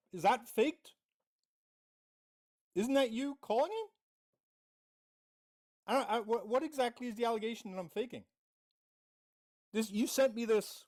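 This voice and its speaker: A livestream host giving confrontational commentary, reading out messages and mocking the other side. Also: mid-range voice. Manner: reads out chat messages.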